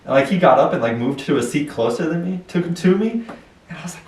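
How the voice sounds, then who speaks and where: A young man co-hosting a casual podcast, telling stories in an animated way with frequent laughs. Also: mid-range voice, fast, creaky. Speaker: podcast co-host. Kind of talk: casual chat. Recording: roomy, distant mic.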